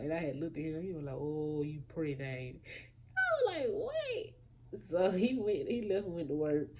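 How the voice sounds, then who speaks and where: Young woman w/ aave telling her storytime, lowish voice, jumps around doing everyones lines. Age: young adult. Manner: animated storytelling, acting out quotes. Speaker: vlogger. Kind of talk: casual storytime.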